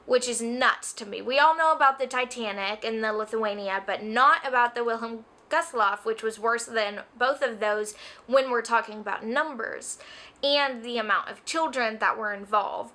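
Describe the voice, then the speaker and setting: High bright-voiced young woman gushing about a book. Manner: gushing, rambling, emotional. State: tearful. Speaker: book reviewer. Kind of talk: casual book review vlog.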